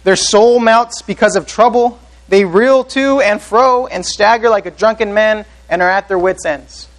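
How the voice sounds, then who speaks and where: High-voiced man preaching a sermon. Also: unhurried, low-quality recording. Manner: earnest preaching, asks the congregation questions. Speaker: pastor.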